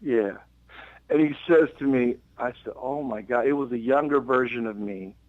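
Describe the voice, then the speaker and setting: Man telling an animated story, lo-fi. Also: moderate pace, no echo. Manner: animated storyteller acting out quotes with sudden pitch jumps and many restarts. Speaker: guest musician. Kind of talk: casual storytelling in an interview. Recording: dull lo-fi dry radio recording.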